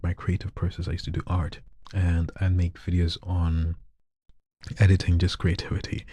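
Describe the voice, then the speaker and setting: Very husky deep-voiced shy man. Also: no echo. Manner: soft-spoken and shy, slipping into whispers. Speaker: live streamer and hobby voice artist. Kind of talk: casual live-stream chat.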